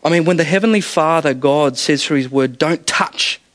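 A man's voice: on the high side, brisk, no echo. A man, preaching an evening sermon in a conversational, storytelling way with frequent laughter.

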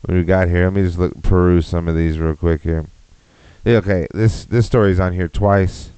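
A man's voice: deep voice, steady tone, moderate pace, mellow, smooth, dry recording, poor audio. A man hosting a podcast, ranting in a profane, mocking way. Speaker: podcast host.

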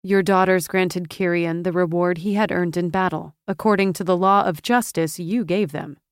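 A woman's voice: on the low side, steady tone, normal speed, smooth, no echo, clean studio sound, lightly acted. A woman voicing a stern, commanding male sea god in an audiobook.

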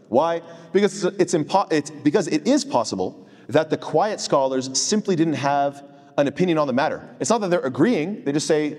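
A man teaching an Islamic studies lecture, animated and digressive, reciting hadith in Arabic before explaining it. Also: fairly high pitch, a little fast, long reverb tail.

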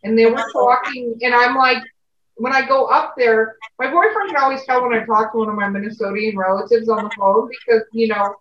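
Casual co-host, a woman, slightly high voice, recorded far off in a roomy space with dull sound. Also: fairly even intonation, brisk, a little hiss or hum. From California. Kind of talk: casual chat. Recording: distant, roomy and muffled.

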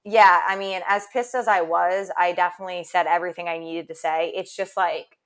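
Brief: young woman podcast co-host, supportive and quick to agree, pokes fun at herself. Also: fairly low pitch, steady tone. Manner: agreeable, quick to back up her co-host, self-deprecating. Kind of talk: candid casual chat.

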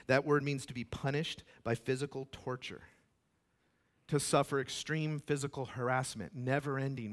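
A male pastor preaching with emphatic conviction at a mid-range pitch. He swings between loud declarations and hushed asides, and acts out the voices he quotes. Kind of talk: sermon.

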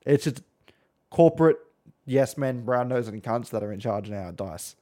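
A man's voice: mid-range voice, lively intonation, moderate pace, dark tone. Restless Australian man hosting a podcast. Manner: restless, swears freely, rambling asides. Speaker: podcast host. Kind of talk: casual podcast chat.

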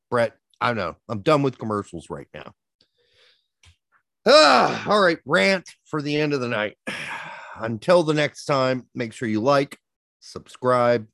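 A man's voice: mid-range voice, creaky, a bit bright, dry recording, studio quality. A man co-hosting a soccer podcast, telling stories and ranting with plenty of swearing in casual chat. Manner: profane, ranting storyteller.

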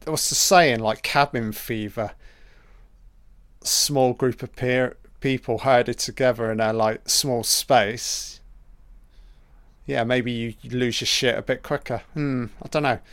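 Slow, sarcastic man. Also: mid-range voice, steady tone, fairly bright tone, no room sound. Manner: crude, sarcastic, swears often. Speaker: film commentator. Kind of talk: casual film commentary. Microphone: home mic, audio only.

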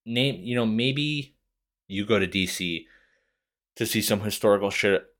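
A man's voice: on the low side, unhurried, a bit bright. A young adult man hosting a podcast, ranting casually with heavy swearing and a rambling, sarcastic manner. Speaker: podcast host. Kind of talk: casual rant.

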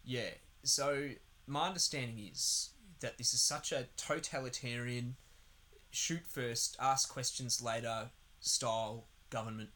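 Sweary, bright-voiced man. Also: medium pitch. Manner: sweary, sarcastic, rambling. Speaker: podcast co-host. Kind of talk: casual film review chat.

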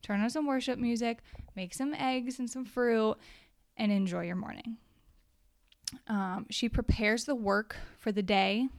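A young woman gives a casual devotional Bible study in an earnest, conversational way. She reads the verses aloud. Her voice has a gravelly fry, and the sound is dry and close. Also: fairly high pitch, steady tone, measured pace, no echo.

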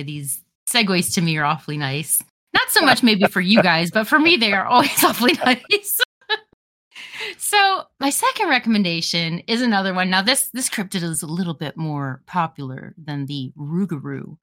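A woman's voice: fairly low pitch, sharp tone. A woman co-hosting a podcast, recommending documentaries in an enthusiastic, chatty way. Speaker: podcast co-host recommending films. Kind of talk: casual podcast chat.

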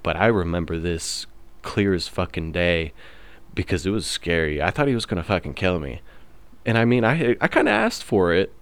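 A young man in his twenties, hosting his own podcast and telling stories in a laid-back, swear-heavy way, full of fillers. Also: low-pitched. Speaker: podcast host. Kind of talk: casual storytelling monologue.

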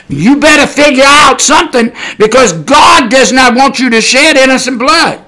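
A male preacher with a very high voice and a bright, forceful edge delivers a podcast sermon. His wording is blunt and folksy, full of rhetorical questions. He punches key words with sudden shouts. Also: animated, moderate pace, hardly any pauses.

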